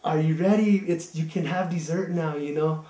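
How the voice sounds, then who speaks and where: A man voicing a sweet old grandmother who coaxes a guest to eat, in a high, loud voice, in an echoey room. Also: steady tone, normal speed, natural voice. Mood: doting.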